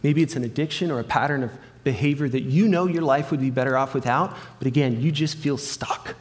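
A man preaching a sermon in an earnest storytelling voice, acting out both sides of a remembered conversation. His voice sits in the middle of the male range. A long reverb trails each phrase, as in a church hall. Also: mid-range voice. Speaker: pastor.

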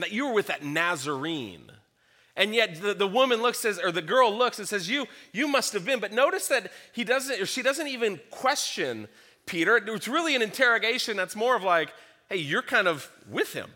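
A man's voice: high-pitched, sharp tone. A man preaching a sermon, earnestly teaching through a scripture passage and reading verses aloud. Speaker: pastor.

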